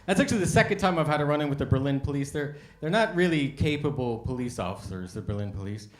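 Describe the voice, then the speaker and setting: A man's voice: medium pitch, expressive, fast, roomy sound. An American man performing stand-up comedy, telling stories in a conversational way and acting out the voices of people in them. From United States. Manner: conversational storytelling with acted-out voices. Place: café stage with a live audience. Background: audience laughter.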